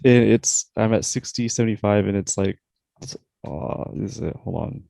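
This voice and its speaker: A relaxed man with a gravelly, dark voice, chatting on a podcast in a laid-back, hesitant way. The sound is dry and close, with no room around it. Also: fairly low pitch, normal speed, no echo. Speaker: podcast co-host. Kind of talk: casual chat.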